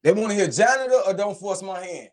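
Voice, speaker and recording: A man hosting a casual live stream show, reacting to rap tracks in an excitable, slang-heavy way. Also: high voice, quick pace.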